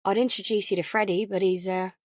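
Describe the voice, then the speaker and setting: An audiobook figure: a shy, hesitant young mother, voiced by a woman narrator. She speaks quietly with small pauses at a middle pitch. The sound is dry and close. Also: fairly even intonation, dry recording, close to an everyday voice. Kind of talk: audiobook character voice.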